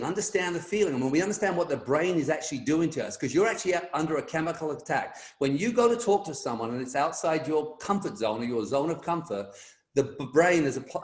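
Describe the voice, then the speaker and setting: Animated middle-aged male storyteller, echoey. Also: on the high side. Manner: energetic, animated storyteller acting out quotes. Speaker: guest speaker. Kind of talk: motivational storytelling on a team call. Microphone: video call.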